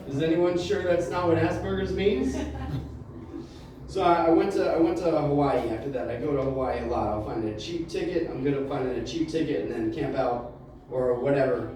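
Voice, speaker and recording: Male stand-up comic, loose halting storytelling, slightly high voice, echoey distant mic. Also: darkish tone. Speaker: stand-up comedian. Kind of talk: stand-up set. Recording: roomy, distant mic with faint room noise.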